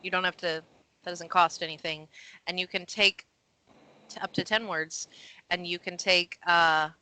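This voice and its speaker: A woman's voice: lowish voice, steady tone, moderate pace, sharp tone, clear, resonant tone, rough recording. A woman running a tabletop game as game master, narrating scenes and patiently explaining the rules.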